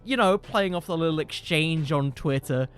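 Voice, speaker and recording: A man hosting a comedic podcast, pitching silly storylines in an animated, rambling way. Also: normal speed, soft background music. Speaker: podcast host.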